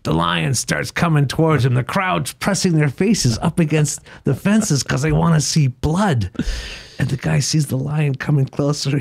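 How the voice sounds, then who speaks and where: Man telling jokes with lively voices. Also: fairly high pitch, gravelly. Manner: animated joke-telling with voiced characters. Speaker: guest author. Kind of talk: conversational interview, storytelling jokes.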